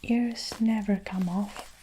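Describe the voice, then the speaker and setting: Whispered role-play: woman voicing scornful tyrant headmistress, mellow and unhurried. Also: medium pitch, steady tone, slight background noise, close to an everyday voice, rough recording. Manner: barking, scornful. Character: domineering harsh headmistress, woman, middle-aged.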